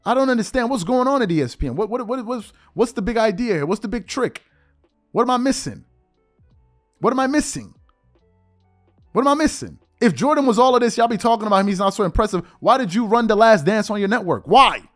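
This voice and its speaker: A male sports host pushes through an animated opinion rant, repeating one rhetorical question after another in casual slang. His voice sits high and swings widely in pitch. Soft music plays faintly underneath.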